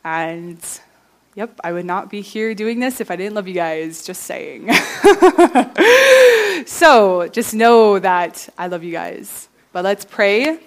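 A woman's voice: lowish voice, takes it slowly. A young woman giving a casual, earnest youth sermon, full of fillers like "like" and "you know", ending in prayer. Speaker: youth speaker.

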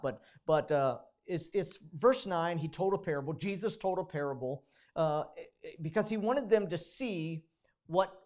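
Male pastor, informal sermon delivery with frequent restarts, dramatizes prayers in a raised voice. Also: fairly high pitch.

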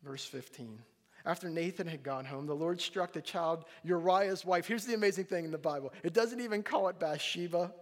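High-voiced man preaching in a reverberant hall. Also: moderate pace. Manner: animated, acts out voices of people in the story. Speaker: pastor. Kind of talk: sermon.

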